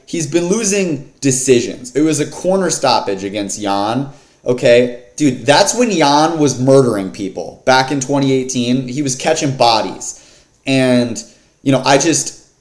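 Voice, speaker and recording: A man talking through fight picks in a loose, slangy way, full of fillers and asides. His voice sits at an ordinary middle pitch. The room around him is echoey. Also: darkish tone. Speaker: MMA fight picks vlogger. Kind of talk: casual fight card breakdown.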